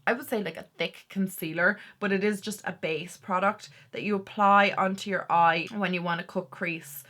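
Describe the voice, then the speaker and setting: A bright, crisp-toned young woman chats through a makeup review. She talks casually and eagerly, with quick asides tumbling out as she goes. Her voice sits at an ordinary middle pitch. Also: fairly even intonation. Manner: chatty, enthusiastic, quick asides. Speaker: beauty vlogger.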